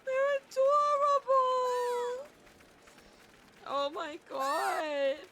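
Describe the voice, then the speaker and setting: A woman's voice: extremely high pitch, extremely slow, pushed and bright, a little hiss or hum. A woman streamer reacting live to a game, gushing and squealing over how cute everything is.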